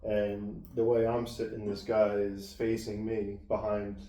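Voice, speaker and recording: A man's voice: fairly low pitch, monotone, measured pace, dark tone, reverberant, far from the mic. A man co-hosting a podcast, telling profane, laid-back stories in casual chat. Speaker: podcast co-host.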